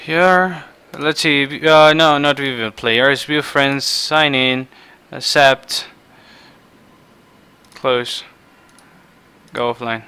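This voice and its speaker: A man giving frustrated live commentary over a car game, shouting outbursts and then muttering to himself. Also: mid-range voice, drawn-out words, pauses often, clean tone. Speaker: gaming video creator.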